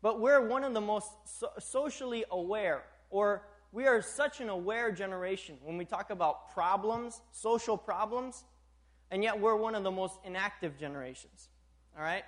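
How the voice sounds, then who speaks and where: Young man, high-pitched voice, preaching a sermon, animated, quick chuckles, frequent check-ins with the crowd. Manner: animated, chuckles often, checks in with 'all right?'.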